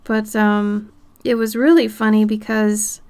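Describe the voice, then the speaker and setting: Creaky-voiced woman with light Minnesotan accent. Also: medium pitch, flat delivery, unhurried. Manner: chatty and laid-back, drifting into soft murmurs while working. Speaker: art streamer. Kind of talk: casual livestream chat while drawing.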